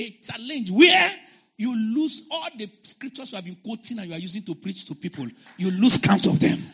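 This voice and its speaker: A man preaching a fervent sermon, his voice gravelly and husky. His pitch sits high for a man and leaps widely as he moves from quiet storytelling into shouted, chanted climaxes. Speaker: pastor.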